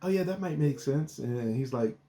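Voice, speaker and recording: Mellow-voiced co-host who laughs often. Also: medium pitch, expressive, normal speed. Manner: laughs often, jokes and acts out quotes. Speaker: podcast co-host. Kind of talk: casual recap chat.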